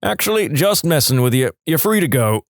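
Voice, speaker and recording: A man reading as a calm, teasing older cop. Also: a little high, fairly quick, no room sound, studio quality. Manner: easygoing, dryly joking. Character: older male police officer, calm and teasing.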